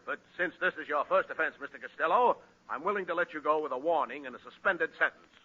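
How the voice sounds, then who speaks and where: Actor as a stern, pompous judge, raised voice; old radio, noisy and muffled. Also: male voice, a little high, quick pace, close to an everyday voice. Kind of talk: 1940s radio comedy acting.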